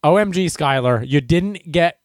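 A man's voice: a little high, animated, a little slow, no room sound, studio quality, pitched below the performer's own voice. A man putting on a whiny nagging teen girl. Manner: petulant, complaining. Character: whiny teenage girl nagging her fiancé.

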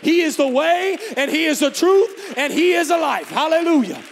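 A man preaching a fervent sermon, shouting and calling out to the congregation, in an echoey hall with a faint congregation behind. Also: very high-pitched, lively intonation, normal speed, a faint crowd, a little hiss or hum. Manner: fervent, shouting, call and response.

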